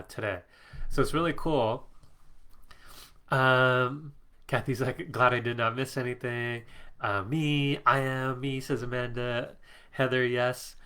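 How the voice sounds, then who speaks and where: A man's voice: mid-range voice, a bit bright. A middle-aged man, congested from allergies, hosting a live stream from his home office and chatting casually as he reads out viewer comments, laughing often.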